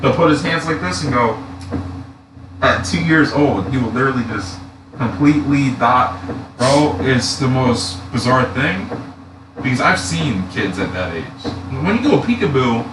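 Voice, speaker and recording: A man's voice: medium pitch, lively intonation, a little slow. A man in his twenties chatting casually on a live stream, telling stories with lots of swearing and laughter. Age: 20s. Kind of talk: casual chat. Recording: echoey room, far from mic, noisy.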